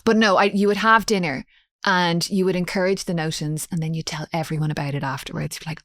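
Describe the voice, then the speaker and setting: A woman's voice: on the low side, steady tone, fast, a bit bright, no echo, studio quality. An Irish woman guest on a podcast, telling stories in a chatty way and laughing often. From Ireland. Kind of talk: casual chat.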